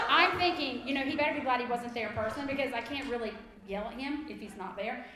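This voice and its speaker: A woman, a kindergarten teacher in her thirties, telling a comic story live to an audience in an animated, emphatic way. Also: fairly high pitch, a little fast, very noisy. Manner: animated, emphatic, laughs through lines. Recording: echoey room.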